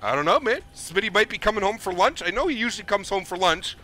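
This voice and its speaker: A man's voice: high-pitched, animated, fast talker, bright, forceful tone. A young man streaming a flight simulator, chatting upbeat and thanking donors over and over. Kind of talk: live gameplay commentary.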